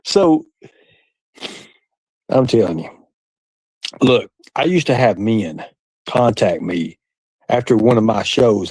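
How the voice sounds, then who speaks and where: A man's voice: fairly low pitch, sing-song, slow, long pauses, a little mellow, husky, dry recording, rough recording. A man hosting a livestream, chatting with his audience in a crude, boastful, rambling way and laughing often. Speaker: livestream host. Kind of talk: casual chat with a live audience.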